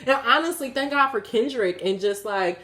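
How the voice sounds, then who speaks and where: Woman in her 30s talking about god to her viewers, cussing a lot, laughing, super animated. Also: a little high, normal speed. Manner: profane, animated, laughing, talks straight to viewers. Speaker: spiritual vlogger. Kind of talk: candid spiritual talk to camera.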